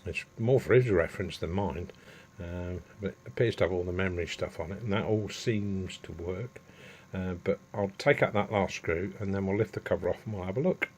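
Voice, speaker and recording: Man, middle-aged, low voice, casual rambling vlog chat, home workshop. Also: a little fast, slight background noise. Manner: rambling, homely, going off on asides. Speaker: DIY vlogger.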